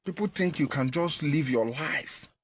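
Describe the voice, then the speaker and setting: A man with a Nigerian Igbo accent delivering an impassioned political monologue, repeating his points and jumping in pitch for emphasis. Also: unhurried, husky. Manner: emphatic, repetitive, pitch leaps when stressing. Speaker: activist commentator.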